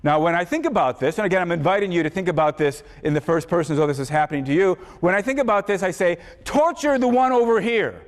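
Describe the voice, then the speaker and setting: A male philosophy professor giving a university lecture, halting and repeating words, with many fillers. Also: a little high. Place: large lecture hall. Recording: echoey lecture hall.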